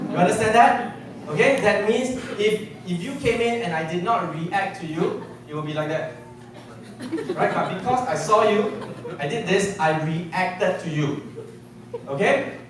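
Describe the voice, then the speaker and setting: A man giving a sales seminar to a live audience, constantly checking in with quick questions. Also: sits high, distant mic. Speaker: sales trainer. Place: large hall with an audience. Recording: echoey hall, mic from afar, audience.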